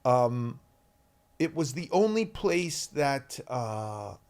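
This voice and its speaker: A man in his forties, an actor guest, telling candid stories in an interview with lively energy. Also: medium pitch, drawn-out words. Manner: energetic, animated, shouts out quoted lines.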